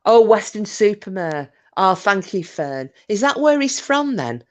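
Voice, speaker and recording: A woman's voice: medium pitch, very animated, unhurried, few pauses. A middle-aged woman, hosting a live stream and chatting casually with viewers, rambling and swearing freely. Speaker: livestream host reading chat.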